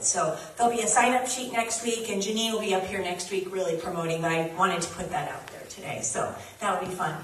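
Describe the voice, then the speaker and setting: A woman's voice: medium pitch, fairly bright tone. A woman minister making church announcements and leading a prayer, chatty and playful, laughing often. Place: church sanctuary. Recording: echoey church hall from far off, faint noise.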